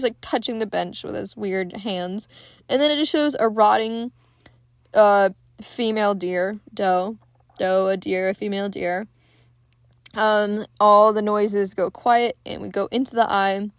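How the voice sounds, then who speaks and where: A woman's voice: medium pitch, clean tone, no room sound, studio quality. A woman hosting a podcast, chatting casually and profanely as she retells a movie scene by scene. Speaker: podcast host.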